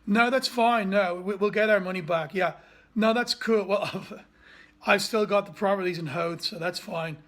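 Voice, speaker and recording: A man's voice: high voice, normal speed, a bit bright, voice pushed up. A man putting on the voice of a carefree, posh young south Dublin man with a drawling D4 accent. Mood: breezy.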